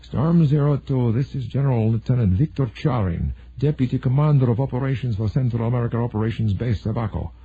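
A man's voice: mid-range voice, dark tone, breathy edge. A man playing a cagey Soviet general on the radio. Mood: guarded. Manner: formal, measured, guarded. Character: cagey male Soviet general, formal and calculating. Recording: narrow phone-like sound.

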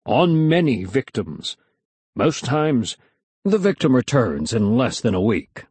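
A man voicing a showy male stage magician who speaks slowly and dramatically. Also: mid-range voice, very animated, darkish tone, breathy edge, dry recording, exaggerated voice. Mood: ominous. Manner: slow, dramatic, theatrical.

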